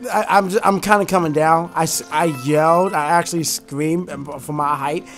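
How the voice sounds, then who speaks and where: A man gives let's play commentary on a video game in a slightly high, chatty voice. He is excitable, bursts into shouts and half-sung lines when thrilled, and faint game music plays underneath. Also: normal speed. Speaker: gaming YouTuber.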